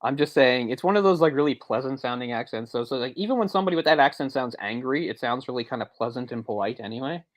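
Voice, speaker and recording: A man's voice: medium pitch, animated, fast talker, hardly any pauses, no echo, low-quality recording. A man co-hosting a movie discussion podcast, talking in a rambling, self-correcting way with frequent chuckles. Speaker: podcast co-host.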